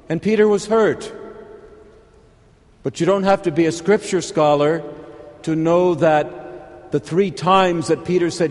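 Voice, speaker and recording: An older man from California, a priest delivering a homily in an unhurried, conversational way with dry humor. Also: fairly high pitch. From California, USA. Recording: long reverb of a large church.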